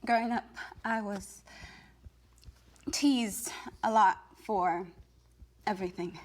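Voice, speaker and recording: An actress playing a young woman confessing her insecure past in a web series confessional, halting and earnest. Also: medium pitch. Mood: wistful.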